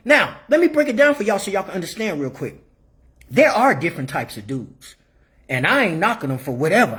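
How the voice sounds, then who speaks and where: A man's voice: very high voice, a bit bright. A middle-aged man delivering a blunt opinion rant to the camera, repeating phrases for emphasis. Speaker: vlogger giving opinions.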